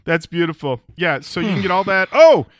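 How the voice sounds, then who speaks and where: A man co-hosting a comedy podcast, riffing in a playful mock sales pitch and acting out little scenes. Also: very animated, fairly quick, no room sound, studio quality. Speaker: podcast co-host.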